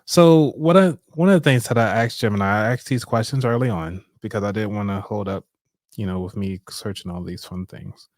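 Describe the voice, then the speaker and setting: A man's voice: on the low side, brisk, no room sound, studio quality. A man hosting a live show, talking casually and upbeat, breaking into laughter often. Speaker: show host. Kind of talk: casual live-stream talk.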